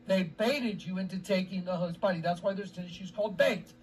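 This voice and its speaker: A man's voice: high-pitched, a little fast, recorded from a distance, poor audio. A man giving heated scripture commentary, agitated, often asking "ready?" and drawing out quoted words. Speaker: online preacher.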